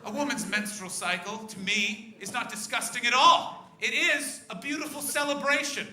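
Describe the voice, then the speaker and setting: A male stand-up comedian on a comedy club stage, talking brashly and profanely and breaking into loud shouts. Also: very high-pitched, steady tone, normal speed. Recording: echoey club room with audience noise.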